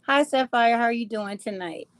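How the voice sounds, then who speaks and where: A woman with a fairly high voice hosts a casual livestream chat at a moderate pace, reading comments aloud, teasing her viewers, and laughing often. The recording is dry.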